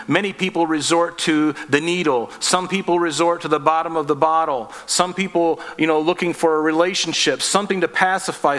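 A man's voice: fairly high pitch, a bit bright, long reverb tail. A man preaching a sermon as pastor, earnest and emphatic, asking the listeners direct questions.

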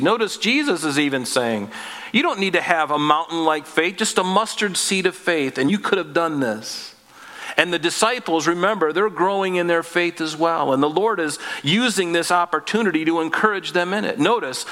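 Guy preaching a sermon, kinda high bright voice, jokes around, lots of hall echo. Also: normal speed. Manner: conversational, with joking asides and rhetorical questions. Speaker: pastor. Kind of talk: Bible-teaching sermon.

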